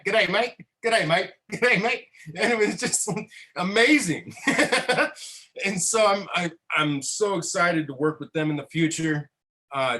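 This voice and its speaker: A man, a veterans council member talking casually at a roundtable, energetic, swearing and laughing often. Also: mid-range voice, low-quality recording.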